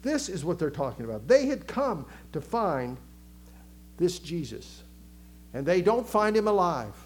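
A man preaching a sermon with a Southern American accent, animated, acting out crowd voices and dropping to a hush for emphasis. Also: high voice, unhurried. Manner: animated, acts out crowd voices, swings from loud to hushed. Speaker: pastor.

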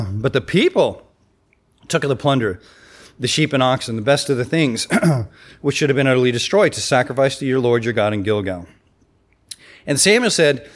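A man's voice: medium pitch, expressive, moderate pace, pauses often. A man preaching a sermon in a conversational way, reading scripture and acting out the quotes.

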